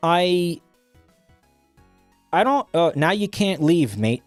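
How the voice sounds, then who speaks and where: A man's voice: a little high, sing-song, takes it slowly, pauses often, no echo, soft background music. A young man streaming, chatting casually while reading posts, profane and rambling with many restarts.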